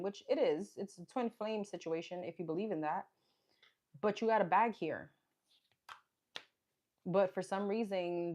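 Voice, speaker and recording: A woman's voice: mid-range voice, a little mellow. A woman giving a casual live tarot reading, chatting and thinking aloud as she names the cards. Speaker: tarot card reader. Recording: clear background noise.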